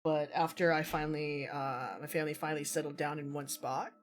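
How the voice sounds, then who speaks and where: A man with a Midwestern American accent, whose first language was Vietnamese, hosting a casual online chat in a relaxed, chatty way. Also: fairly high pitch, a little fast. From United States. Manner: relaxed and chatty, many fillers and laughs. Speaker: stream host.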